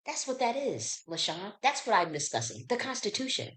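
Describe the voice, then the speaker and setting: A woman's voice: a little high, very animated, normal speed, fairly bright tone. Profane, indignant woman. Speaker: channel host. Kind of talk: heated casual rant.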